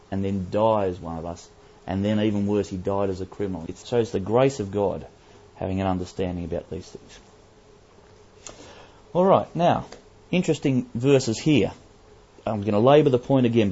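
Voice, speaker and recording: Emphatic low-voiced man teaching scripture. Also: mellow, breathy edge, muffled recording. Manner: emphatic, slows down and repeats key phrases. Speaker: Bible teacher. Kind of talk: Bible study sermon.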